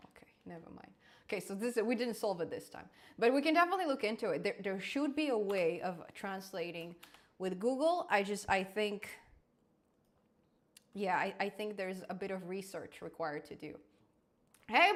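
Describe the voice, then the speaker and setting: A woman hosting a casual live coding stream, thinking aloud as she works and answering chat. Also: medium pitch.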